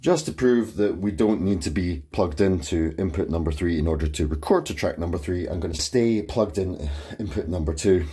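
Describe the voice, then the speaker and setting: A man hosting an equipment tutorial in his home studio. His voice is very deep and dark, with a husky texture. He explains each step methodically. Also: moderate pace. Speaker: tutorial host.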